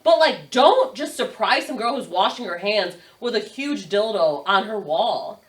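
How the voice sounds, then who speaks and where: A woman's voice: medium pitch, expressive, a little slow, recorded from a distance. A young adult woman, a podcast guest, telling a story in casual chat, swearing and laughing often. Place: podcast studio.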